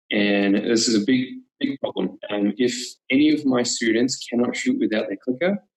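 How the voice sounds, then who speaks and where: A man talking as an archery coach in a webinar, explaining technique earnestly, repeating words for emphasis and checking in with a quick "yep". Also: medium pitch, rough recording.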